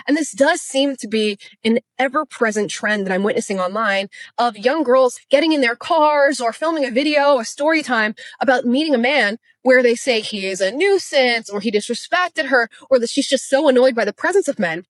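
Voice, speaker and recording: A woman's voice: on the high side, lively intonation, normal speed, dry recording. Woman host reading posts aloud. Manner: conversational, reads posts aloud. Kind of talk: reaction commentary.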